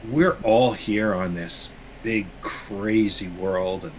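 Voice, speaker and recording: A man voicing a folksy vampire preacher who pleads softly and earnestly in a tabletop role-play character intro. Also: lowish voice, a little hiss or hum, low-quality recording. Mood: coaxing. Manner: soft, drawn-out preachy pleading.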